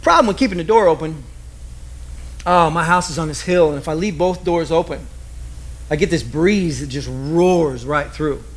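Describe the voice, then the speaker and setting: A man preaching a sermon with lively storytelling, acting out the people he quotes. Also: on the high side, normal speed. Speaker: pastor.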